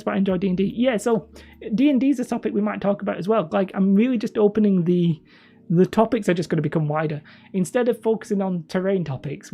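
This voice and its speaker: A woman's voice: lowish voice, creaky, mellow, husky. A woman with a northern English accent hosting a live stream, chatting casually with viewers in a rambling, self-deprecating way. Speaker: livestream host.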